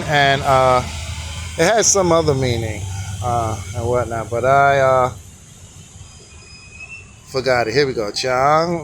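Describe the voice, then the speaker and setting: A man's voice: medium pitch, a little hiss or hum. A man teaching on camera in a casual, easygoing, informal way. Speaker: calligraphy teacher.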